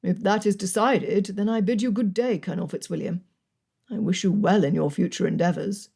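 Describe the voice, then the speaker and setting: A formal, courteous general in a storybook romance, as a woman narrator voices him. The voice is a touch lower than the reader's own, mellow and measured. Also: gravelly, husky. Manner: formal, clipped. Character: formal middle-aged army general, courteous.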